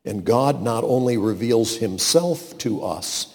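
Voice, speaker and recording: A man preaching a sermon, swinging from loud declarations to hushed asides and acting out quotes. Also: medium pitch, takes it slowly. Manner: dramatic shifts from loud to hushed, acts out quotes. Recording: long hall reverb.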